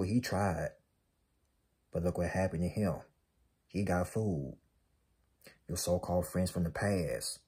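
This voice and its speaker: Husky deep-voiced man preaching motivation. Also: dark tone. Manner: emphatic, repetitive, calls out to the audience. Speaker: spiritual motivational speaker.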